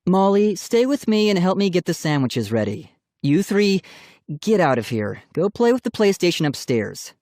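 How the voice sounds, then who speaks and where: A man voicing a patient middle-aged mother who scolds the children gently but firmly, in an audiobook reading. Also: high-pitched, very animated, moderate pace, dry recording, studio quality, pitched above the performer's own voice. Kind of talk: audiobook character voice.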